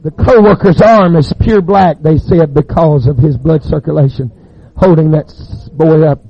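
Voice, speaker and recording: A man, preaching a sermon as a fervent storyteller with dramatic pauses. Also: fairly high pitch, vocal fry, slightly rough, no echo, muffled recording.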